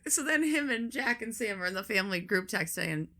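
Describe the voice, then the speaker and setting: A middle-aged woman co-hosting a podcast, telling family stories in a dry, quick way. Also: mid-range voice, animated, pushed and bright. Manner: dry, quick storytelling, quotes family in full. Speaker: podcast co-host. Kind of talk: casual chat.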